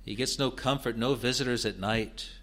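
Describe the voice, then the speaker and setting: A man preaching an expository sermon in a deliberate, earnest way, building to emphatic rises. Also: mid-range voice, steady tone, a bit bright.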